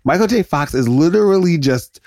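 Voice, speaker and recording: A man's voice: on the high side, lively intonation, fairly quick, a little mellow, dry recording, studio quality. Rambling, laughing male podcaster. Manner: rambling, laughing, self-interrupting. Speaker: podcast host. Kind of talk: solo movie commentary. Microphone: close podcast mic.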